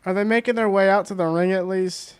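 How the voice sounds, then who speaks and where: A man's voice: sits high, fairly even intonation, a little fast, clean tone. A young man chatting casually on a stream, rueful and laughing at himself.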